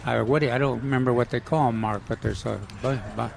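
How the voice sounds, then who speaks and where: Gravelly male co-host, wry and rambling, faint hum behind. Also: medium pitch, fairly even intonation, fast talker. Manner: wry, trailing off mid-thought. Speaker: radio garden show co-host. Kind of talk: casual call-in radio chat.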